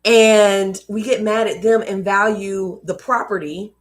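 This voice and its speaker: A woman's voice: mid-range voice, fairly even intonation, a little slow. A young adult woman hosting a live read-aloud, reading a book and adding casual, emphatic asides. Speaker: host reading books aloud.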